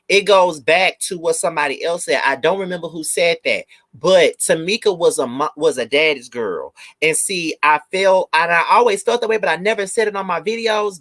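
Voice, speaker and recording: A man's voice: on the high side, fairly bright tone. A man hosting a live review, ranting emphatically to his viewers with blunt, profane repetition. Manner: blunt, swears freely. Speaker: video host and reviewer.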